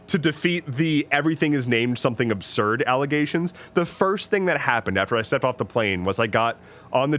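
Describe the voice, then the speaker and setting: Rambling and joking on a stream, this man from the United States restarts often and swears plenty. He has a mid-range, somewhat bright voice, with faint music in the background.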